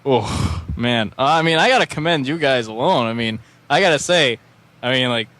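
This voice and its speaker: A man on a gaming podcast as a guest, telling stories in a sarcastic, animated way. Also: medium pitch, moderate pace. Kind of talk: casual chat.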